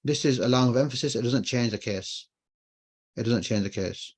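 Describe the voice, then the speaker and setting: A man's voice: medium pitch, moderate pace, breathy edge. A man teaching an online Arabic class, explaining patiently and repeating key phrases. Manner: explains patiently, repeats phrases, asks and answers his own questions.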